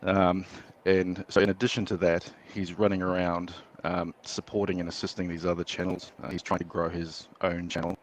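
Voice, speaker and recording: A man's voice: low-pitched, level tone, normal speed, hardly any pauses, a little hiss or hum. A man calling into a live stream, talking casually and rambling with many fillers. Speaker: guest caller.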